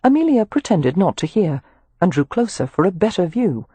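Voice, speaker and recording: Audiobook narration, lively intonation, husky voice, dry close sound. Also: mid-range voice, moderate pace, no room sound. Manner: expressive, animated storytelling.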